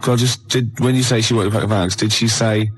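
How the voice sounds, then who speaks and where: A man's voice: on the low side, steady tone, a little fast, husky, rough recording. A man hosting a radio show who cuts in with wry, mocking remarks. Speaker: radio host. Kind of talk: radio banter.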